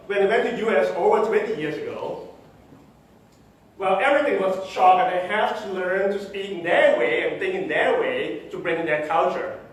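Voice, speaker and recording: A middle-aged man with a Thai accent speaks at a tech meetup, cracking jokes at his own expense and throwing questions out to the audience. His voice sits a little high for a man and comes from a distance. It rings with heavy echo in the room. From Thailand. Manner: self-deprecating, joking, asks the audience questions. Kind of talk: conference talk. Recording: echoey room from far off.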